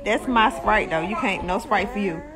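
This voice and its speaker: A woman's voice: mid-range voice, expressive, moderate pace, a crowd in the background. A woman filming her children at home, coaxing and teasing them in a playful, casual way. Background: music.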